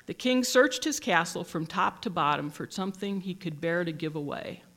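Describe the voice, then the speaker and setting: A teacher reading a picture book aloud in a gentle, measured storytelling manner. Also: medium pitch, expressive.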